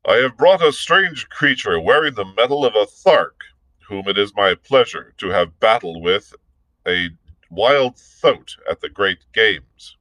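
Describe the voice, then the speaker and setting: A man voicing a savage, scarred green Martian warrior chieftain who talks in a loud, menacing, defiant way, in a storybook read-aloud. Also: lowish voice, animated, measured pace, no room sound.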